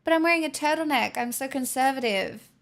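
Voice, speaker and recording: A woman's voice: sits high, lively intonation, a little fast, fairly bright tone. A woman livestreamer chatting casually with her viewers, using sarcastic, mock-corporate girlboss patter.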